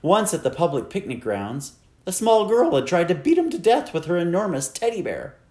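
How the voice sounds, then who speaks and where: A man reading a children's novel aloud with expressive, wide-ranging storytelling. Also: high-pitched, normal speed, reverberant. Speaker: audiobook narrator. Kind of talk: scripted narration.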